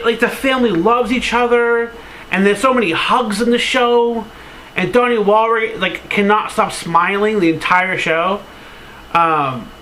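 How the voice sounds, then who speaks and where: Male vlogger, high bright voice, rambling and filler-heavy, openly sentimental, casual cursing. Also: a little hiss or hum, low-quality recording. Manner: open, sentimental storytelling. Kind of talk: casual to-camera vlog.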